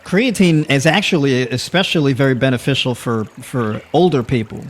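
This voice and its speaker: A male livestream host chats casually with his viewers, calling them "y'all," laughing a lot and filling his speech with filler words. His voice is medium in pitch and moderately paced.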